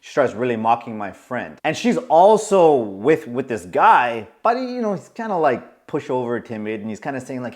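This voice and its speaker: A man in his forties telling a story to camera in a casual, animated way, acting out the voices of the people in it. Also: mid-range voice, moderate pace, hardly any pauses. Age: 40s. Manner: animated, acts out quoted voices. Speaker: coach.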